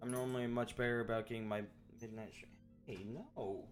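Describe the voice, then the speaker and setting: A man streaming live gameplay, chatting loosely and thinking out loud, with some swearing. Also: mid-range voice, fairly even intonation, fairly quick, over music. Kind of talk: casual live gameplay commentary.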